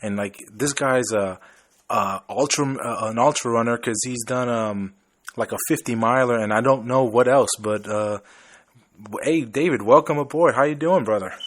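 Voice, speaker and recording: A man's voice: mid-range voice, moderate pace, no room sound. A man from Chicago hosting a podcast, talking in an easygoing, rambling way and telling stories casually. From Chicago, USA. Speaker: podcast host.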